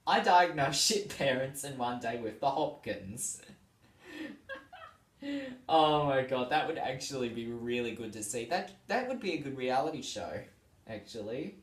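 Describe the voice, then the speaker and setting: A man's voice: mid-range voice, lively intonation, a little slow. A tired man hosting a vlog, reading tweets aloud in casual chat and laughing often between them. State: tired and yawning. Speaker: vlog host. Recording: roomy sound, distant from the mic.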